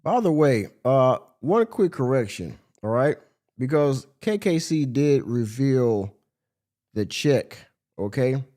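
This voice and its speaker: A man's voice: mid-range voice, very animated, slow, mellow. A male podcast host giving blunt, exasperated commentary on a livestream and swearing freely.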